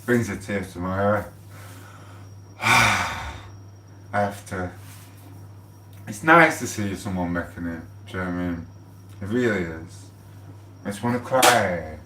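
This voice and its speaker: A man, rambling and swearing casually as he gives shout-outs on his livestream. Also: sits low, lively intonation, a little slow, long pauses, recorded from a distance, slight background noise. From England. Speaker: livestream host. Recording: echoey room, off the mic.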